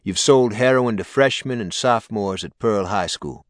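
A man voicing a stern, blunt male official who makes threats in an audiobook, in his own low dry voice. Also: normal speed, no echo, natural voice. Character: stern hard-nosed male mayor.

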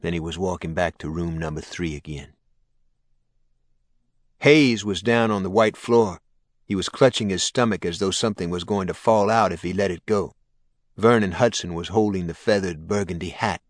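Very low-voiced male narrator. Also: normal speed, dry recording. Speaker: audiobook narrator. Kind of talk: scripted narration.

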